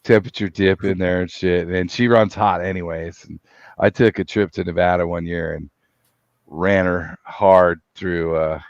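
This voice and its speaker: A man's voice: low-pitched, normal speed, vocal fry, no echo, muffled recording. A middle-aged man hosting a casual chat, telling long rambling stories full of swearing. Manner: rambling, profane, animated storyteller. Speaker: podcast host.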